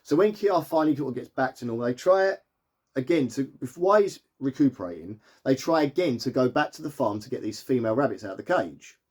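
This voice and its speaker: A man's voice: medium pitch, expressive, brisk, a little mellow, slightly rough. A man giving a casual, rambling film review full of fillers and easy laughs. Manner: rambling, chatty, filler-heavy with frequent laughs.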